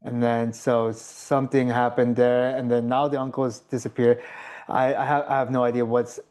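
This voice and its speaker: A man hosting a casual podcast conversation, relaxed and chuckling as he talks. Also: mid-range voice, moderate pace. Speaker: podcast host.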